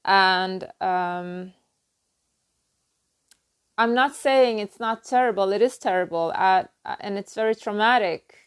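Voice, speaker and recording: A woman giving a halting, earnest spiritual talk on her own channel, full of restarts and "you know.". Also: medium pitch, clear, resonant tone. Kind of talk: personal spiritual talk to camera.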